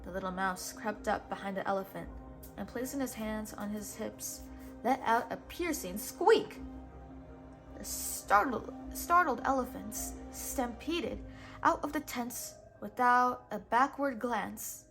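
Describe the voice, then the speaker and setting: A woman reading a children's picture book aloud in a gentle, measured way. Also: a little high, faint music behind. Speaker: storybook reader.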